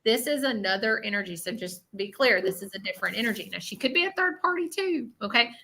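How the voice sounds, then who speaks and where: Southern woman medium, bright voice with a faint hiss behind it, soothing and repetitive on a live reading. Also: a little high, expressive, fast talker, rough recording. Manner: reassuring, repeats herself, keeps asking okay. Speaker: spiritual medium.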